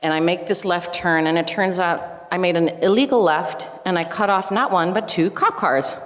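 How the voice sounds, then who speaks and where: A woman from Canada on a convention panel, telling an animated story and acting out her own lines. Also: on the low side, normal speed. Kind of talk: casual anecdote telling. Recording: echoey convention hall.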